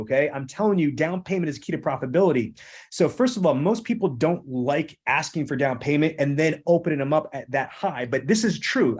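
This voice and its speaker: A man's voice: on the high side, slightly rough. A middle-aged man hosting a sales training podcast. He coaches with emphasis and keeps repeating "again" and "okay". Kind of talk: energetic sales training with role-play.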